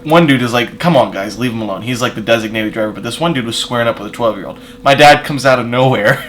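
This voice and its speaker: A man telling a personal story in a casual vlog, rambling with fillers and restarts and swinging between loud emphatic bursts and quiet asides. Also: medium pitch, a little hiss or hum, rough recording.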